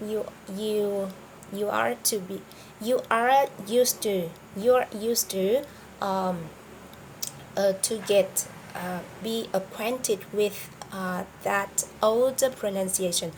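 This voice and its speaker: A woman's voice: mid-range voice, a little hiss or hum, low-quality recording. A woman with a Vietnamese accent, a native Vietnamese speaker teaching an English vocabulary lesson, hesitant with many fillers and restarts.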